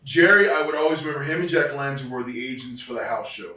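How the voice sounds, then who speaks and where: A man's voice: mid-range voice, quick pace, few pauses, pushed and bright. A man, a former wrestler, tells reflective stories in an interview, restarting often and acting out the people he quotes. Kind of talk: storytelling interview. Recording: echoey room, distant mic.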